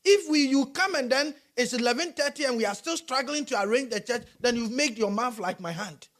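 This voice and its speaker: A male pastor preaching a sermon, animated and rising to shouts. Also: very high-pitched, fairly quick, few pauses.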